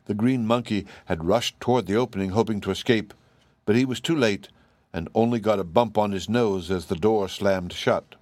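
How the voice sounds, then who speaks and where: A man reading a children's fantasy story aloud in a measured, clear way. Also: lowish voice, a little mellow, no echo. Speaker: audiobook reader. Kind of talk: storybook narration.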